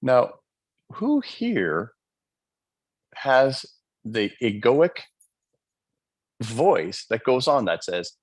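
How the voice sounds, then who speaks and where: A man's voice: mid-range voice, big pitch swings, drawn-out words, pauses often, husky. A man giving a live motivational speech in a fervent way, often asking the audience questions and acting out quotes in changed voices. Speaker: motivational speaker.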